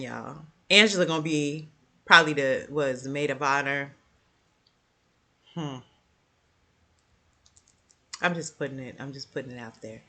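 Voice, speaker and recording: A young adult woman casually recapping TV episodes, animated and talking straight to her viewers, with her voice jumping high whenever she reacts. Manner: jumps high in pitch when reacting. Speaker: TV show reviewer.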